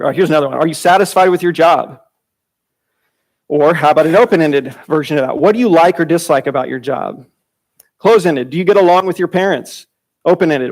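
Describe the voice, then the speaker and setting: A man teaching a church Bible class in a conversational way, often repeating and restarting phrases and acting out quoted dialogue. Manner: acts out quoted dialogue with sudden pitch jumps.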